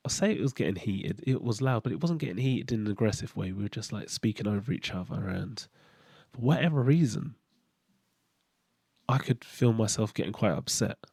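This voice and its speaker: A middle-aged man with a low, gravelly voice talks through his past in a candid, halting monologue. His tone is dark and mellow, and the sound is close and dry. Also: animated, no echo. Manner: candid, hesitant, with frequent fillers and restarts. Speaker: podcast host. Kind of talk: reflective personal monologue.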